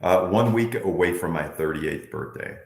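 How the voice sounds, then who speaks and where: Deep-voiced former football player, echoey. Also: male voice, moderate pace, vocal fry. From Bay Area, United States. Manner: animated storyteller, acts out quotes, laughs often. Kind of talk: candid interview storytelling.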